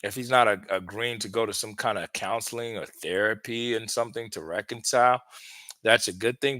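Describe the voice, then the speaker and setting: Male relationship coach, lowish bright voice, dry close sound, casual live Q&A, slightly winded. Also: dry recording. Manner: direct, conversational advice with many fillers. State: slightly out of breath. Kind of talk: live stream Q&A, reading viewer questions.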